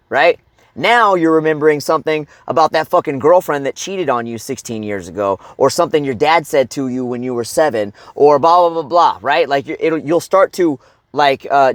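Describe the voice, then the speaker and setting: A man's voice: fairly high pitch, no room sound. A middle-aged man coaching other men, talking bluntly with heavy swearing and checking in with "okay?" and "right?". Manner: blunt and heavily profane, keeps asking "okay?" and "right?". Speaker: life coach. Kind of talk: motivational advice talk.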